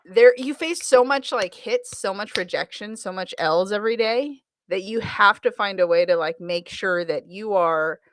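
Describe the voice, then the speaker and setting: A woman's voice: mid-range voice, moderate pace, few pauses, a little hiss or hum. An American woman in the car sales business, chatting energetically in an interview, laughing often and restarting her sentences. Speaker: automotive sales trainer, guest. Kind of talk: casual interview chat.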